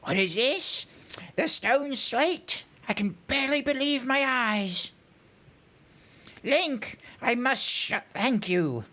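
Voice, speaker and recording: A man's voice: extremely high pitch, expressive, slow pace, sharp tone, voice pushed up, full character voice. A man voicing a weary, formal old male fish-man scholar, talking through stuck-out teeth. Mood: amazed. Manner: pompous, formal, buck-toothed delivery. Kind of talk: voicing game dialogue on a livestream.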